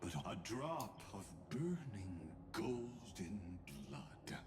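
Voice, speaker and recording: A man voicing a mysterious figure who speaks in hushed riddles in a game. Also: lowish voice, sing-song, drawn-out words, noisy background, heavily acted. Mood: cryptic. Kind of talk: game voice acting.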